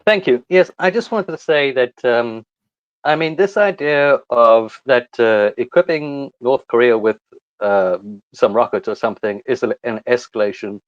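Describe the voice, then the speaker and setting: A measured man on a video call who raises his points as questions. The sound is dull and muffled, and very dry. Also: medium pitch, no echo. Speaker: open mic panelist. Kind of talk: casual political discussion.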